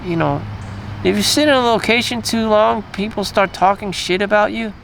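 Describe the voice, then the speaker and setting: Very high-voiced man ranting crudely. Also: moderate pace, creaky, fairly bright tone, slight background noise. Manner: crude, repetitive, agitated rant with frequent swearing. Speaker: vlogger. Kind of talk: profane ranting monologue.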